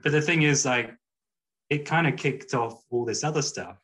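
A man's voice: mid-range voice, normal speed, fairly bright tone. A man guesting on a podcast, telling a story in a casual, rambling way with lots of "like" and "you know".

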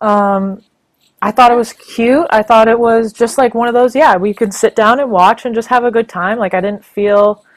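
A woman's voice: on the high side, steady tone, normal speed. A woman co-hosting a podcast, talking frankly and laughing as she reviews a movie. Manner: frank, blunt, laughs often. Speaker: podcast co-host. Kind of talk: casual movie review chat.

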